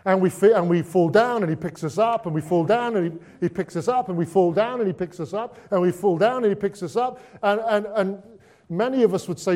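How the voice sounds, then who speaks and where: A man giving a conversational Christmas sermon, moving between hushed and excited delivery with lots of repetition. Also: high voice, a little fast. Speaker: preacher.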